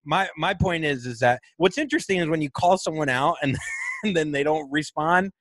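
A man's voice: a little high, expressive, normal speed, a bit bright, no room sound. A man from the American South hosting a podcast, talking in a casual, rambling way, restarting his thoughts and laughing often. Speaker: podcast host.

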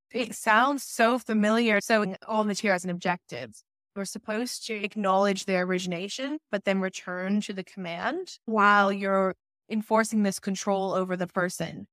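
A woman's voice: mid-range voice, fairly bright tone, no room sound. Woman host recounting testimony, dry close sound. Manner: recounting testimony in a measured, serious way. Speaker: podcast host. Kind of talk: podcast discussion, reading out court testimony.

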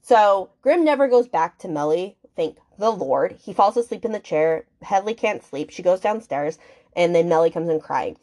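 A woman's voice: lowish voice, expressive, moderate pace, a little mellow. A woman hosting a book podcast, recapping the story in a casual, chatty way, full of fillers, swearing and indignant asides.

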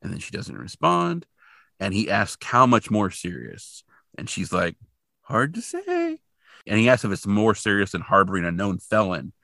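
A man co-hosting a podcast, recapping a TV episode in a jokey, animated way and slipping into quick character voices. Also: deep voice, creaky, no echo, clean studio sound. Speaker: podcast co-host. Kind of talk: casual chat recapping a TV episode.

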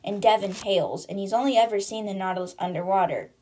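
A woman's voice: medium pitch, fast talker, a little mellow. A woman hosting a book podcast, retelling the chapters casually in her own words and chatty manner. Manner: chatty, "she's like" storytelling.

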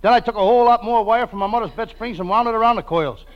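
A man playing the excitable, whiny comic in a 1940s radio comedy show, recorded as an old radio transcription. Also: high-pitched, fast talker, dull audio.

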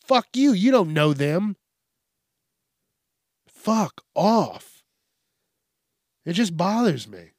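Profane male podcast host, slightly higher voice, unhurried, rambling. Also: sing-song, darkish tone, slightly rough, no room sound, clean studio sound. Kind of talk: casual ranting monologue.

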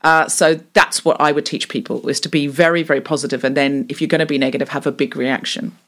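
A woman comedian as a podcast guest, explaining improv teaching in chatty, animated talk and slipping into quick acted voices. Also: low-pitched. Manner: animated, slips into quick voiced mini-scenes while explaining; chatty with frequent fillers and restarts. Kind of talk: conversational interview.

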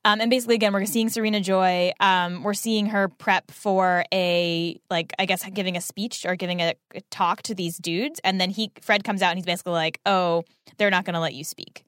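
Woman podcast co-host, fast and chatty, casual rambling recap, dry close-miked sound. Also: lowish voice, clear, resonant tone, no echo. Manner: rambling, filler-heavy, animated retelling. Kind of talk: casual chat recapping a TV episode.

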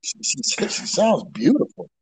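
A man hosts a loose comedy call-in podcast, talking from outdoors. His voice is gravelly and a bit husky, and his pitch swings widely. He stammers and repeats himself and bursts into loud laughs. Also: wildly swooping pitch, measured pace, poor audio. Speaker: podcast host. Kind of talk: casual comedy chat.

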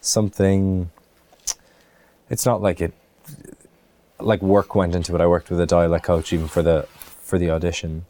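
A man's voice: low-pitched, level tone, normal speed, long pauses, warm tone. A man from Ireland, an actor, answering interview questions in a thoughtful way, with many restarts and fillers.

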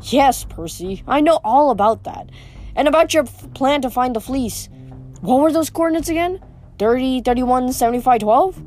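A woman reading the part of a smooth, scheming teenage boy villain in an audiobook, with a mocking manner. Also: high-pitched, animated, moderate pace, a little mellow, pitched above the performer's own voice. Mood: taunting.

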